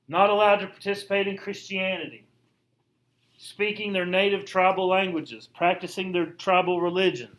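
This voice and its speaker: A man's voice: sits high, sharp tone, poor audio. A man teaching a recorded history lesson, lecturing in a casual, conversational way with slangy asides.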